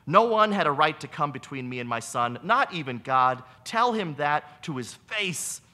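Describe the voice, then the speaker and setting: A man's voice: expressive, pushed and bright. A male preacher voicing a grief-consumed, possessive young mother who is furious and demanding, in a read-aloud story. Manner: shrill, raised, slow insistent demands.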